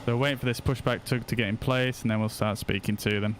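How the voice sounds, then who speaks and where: A man's voice: medium pitch, a little hiss or hum. Man chatting through a flight sim stream. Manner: slow, flat voice commands between chatty asides. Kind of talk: casual gameplay commentary.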